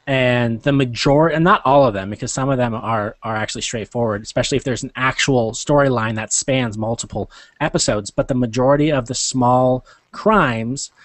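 A man's voice: medium pitch, normal speed, hardly any pauses, no room sound. A man hosting a casual podcast chat, rambling and restarting his sentences, with frequent chuckles. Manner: rambling, self-interrupting, chuckles often. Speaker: podcast host.

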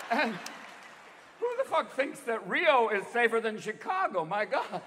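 A man in his fifties doing stand-up comedy, rapid and profane, jumping between voices. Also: extremely high pitch, sing-song, long reverb tail. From United States. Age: 50s. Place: large theater stage. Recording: live theater show with crowd noise.

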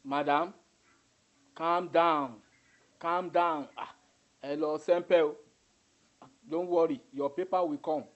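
Actor as an evasive male fixer, Nigerian accent, slightly high voice, soothing brush-offs. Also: fairly even intonation, takes it slowly, pauses often, muffled recording. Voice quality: brushes off, pidgin-tinged. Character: evasive smooth-talking male immigration agent.

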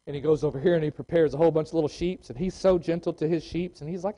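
Male preacher, high voice, animated sermon, loud bursts and quiet readings, church. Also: very fast, hardly any pauses, poor audio.

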